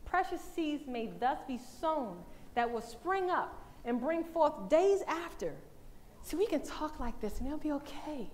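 A woman giving a lively, conversational talk at a church as the women's day speaker, animated and laughing often. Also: sits high, unhurried, a little hiss or hum.

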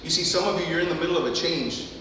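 A man preaching a sermon as pastor, building fervently to loud climaxes, recorded from far off in a church hall. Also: on the high side, very fast, slight background noise. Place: church sanctuary.

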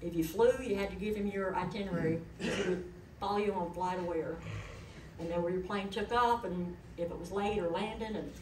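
With a lowish, steady voice, a middle-aged woman speaks a little fast as she shares chatty personal stories in a eulogy for her late parent. The recording is noisy, and her voice comes from a distance in an echoing hall.

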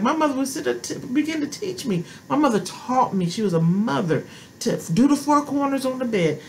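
A woman's voice: on the high side, lively intonation, normal speed, a little hiss or hum, rough recording. A grandmother giving a sermon as a prophetess, preaching emphatically with repeated phrases and exclamations. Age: middle-aged or older, a grandmother.

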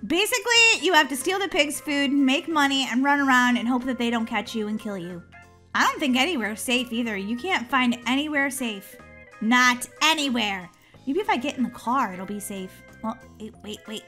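Narrating her gameplay at a moderate pace, this gaming channel host has a high and very bright voice, with soft music playing behind her. Her let's-play commentary is excitable, sweeping across her whole range, full of giggles and punctuated by shrieks when something is chasing her.

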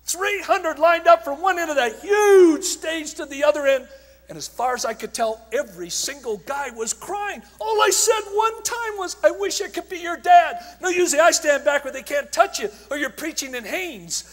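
A man preaching at a conference, telling stories with passion, shouting at times and dropping to a hush at others. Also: extremely high pitch, animated, moderate pace. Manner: impassioned storytelling, swinging from shouts to hushed tones. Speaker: evangelist speaker. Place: large conference hall. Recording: long hall reverb.

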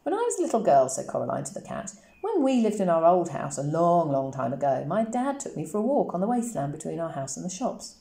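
A woman's voice: fairly low pitch, very animated, quick pace, creaky, few pauses, dark tone. A woman voicing a brave, determined young girl who earnestly tries to sound grown-up. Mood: reflective. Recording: roomy echoey recording.

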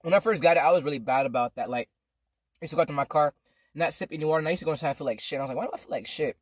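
A man's voice: on the high side, racing, breathy edge, no room sound, studio quality. A young man telling a casual storytime vlog from home, rambling in slangy, profane speech. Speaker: vlogger.

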